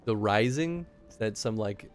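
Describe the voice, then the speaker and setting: A man's voice: fairly low pitch, animated, unhurried, soft background music. A tired, easygoing man streaming a game and chatting casually with viewers, a little self-deprecating after little sleep.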